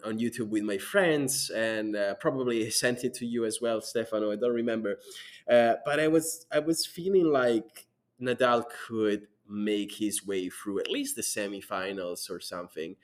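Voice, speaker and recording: A man hosting a casual podcast chat, talking with frequent pauses and filler words. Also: lowish voice. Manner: hesitant, many "um"s and restarts. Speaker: podcast host.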